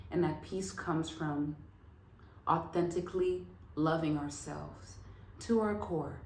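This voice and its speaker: A woman hosting a casual self-help vlog, talking straight to her viewers with lively, affirming energy and frequent laughter. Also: sits low, slight background noise. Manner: animated, laughs often, affirming. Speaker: vlog host. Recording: roomy echo.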